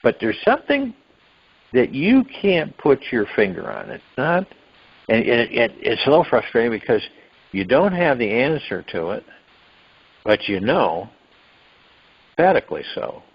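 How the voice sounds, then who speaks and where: Husky man musing on a phone call. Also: mid-range voice, sing-song, a little slow, long pauses. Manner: rambling, musing, with sudden rises into acted quotes. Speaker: meditation call host. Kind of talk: spiritual talk on a phone-in meditation call. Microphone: phone line. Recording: dull lo-fi phone call audio.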